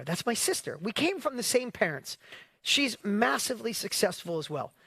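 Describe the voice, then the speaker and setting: A man hosting an online business challenge, talking in a casual, energetic motivational style and often asking his audience rhetorical questions. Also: high-pitched, creaky, no room sound. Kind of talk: casual motivational livestream talk.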